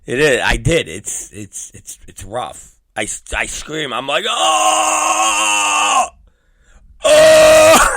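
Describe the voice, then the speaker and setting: A man in his forties hosting a talk show, telling a crude story with repeated words and sudden shouted exclamations. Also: mid-range voice, lively intonation, unhurried, few pauses. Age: 40s. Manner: vulgar, repetitive, bursts into shouted exclamations. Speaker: podcast host. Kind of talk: crude comedic monologue.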